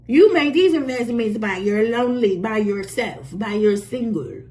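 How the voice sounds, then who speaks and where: A woman's voice: fairly high pitch, lively intonation, moderate pace, a little mellow. A woman giving a casual spoken tarot reading, blunt and profane and laughing often. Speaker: tarot reader.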